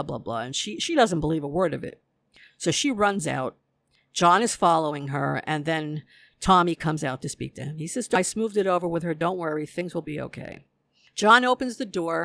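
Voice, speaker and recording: Gravelly-voiced TV recap host. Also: medium pitch, fairly bright tone, dry recording. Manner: retells scenes by acting out characters' lines. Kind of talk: casual episode recap.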